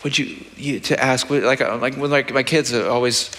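A man preaches with a forceful, bright tone at middle pitch, keeping his intonation fairly even and his pace moderate. His sermon stays practical and conversational, dotted with frequent "right?" asides to the people listening. The room adds a long church-hall reverb.

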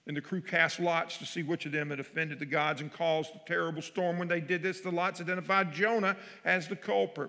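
A man's voice: fairly high pitch, fairly even intonation, brisk, hardly any pauses, bright, forceful tone, big-room sound. A male pastor preaching a sermon and reading scripture, his voice swelling with emphasis on key phrases.

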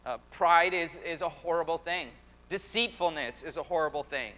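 Bright, high-voiced preaching man. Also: normal speed. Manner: emphatic, repeats phrases, preaching cadence. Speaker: pastor. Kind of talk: sermon. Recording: long hall reverb.

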